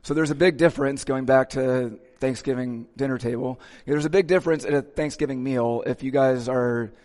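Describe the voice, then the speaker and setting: A man's voice: mid-range voice, steady tone, normal speed, darkish tone. Man preaching in an echoing hall. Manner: casual, checks in with listeners. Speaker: pastor. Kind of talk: conversational sermon.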